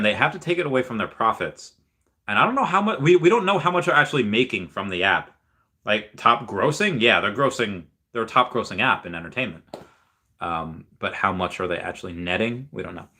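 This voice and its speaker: A man's voice: lowish voice, bright, forceful tone. Upbeat young man hosting a livestream. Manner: rambling, upbeat, reads viewer comments aloud. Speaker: livestream host reading chat. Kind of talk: casual livestream chat.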